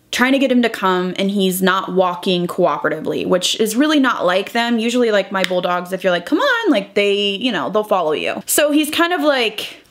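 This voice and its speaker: A woman's voice: mid-range voice, a bit bright. A young woman vlogger recounting a painful personal story while doing her makeup, talking in a rambling, emotional way full of "like" and quoted dialogue. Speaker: beauty vlogger.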